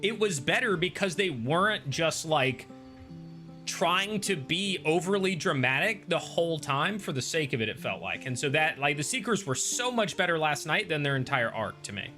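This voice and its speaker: Bright-voiced man chatting while gaming. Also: on the high side, animated, normal speed, faint music behind. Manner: rambling, many ums and restarts, reads chat aloud. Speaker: streamer and host. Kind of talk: casual chat while gaming.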